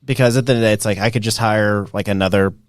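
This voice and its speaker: A man in his thirties hosting a podcast in casual chat. He talks in an animated way, with lots of fillers, and laughs often. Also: on the low side, very fast, dry recording, studio quality. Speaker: podcast host.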